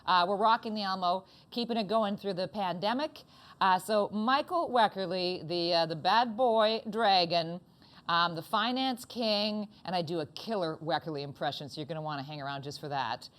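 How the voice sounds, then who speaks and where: A woman's voice: lowish voice, fairly bright tone. A woman from Canada hosting an interview show from a music club, cracking jokes and teasing her guests in playful banter. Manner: joking, teasing, quick quips. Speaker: talk show host.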